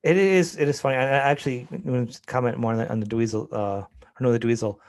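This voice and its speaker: A man hosting a podcast in a casual, enthusiastic and rambling way, quick to laugh. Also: medium pitch, steady tone, a little mellow, no echo. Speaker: podcast host. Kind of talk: casual chat.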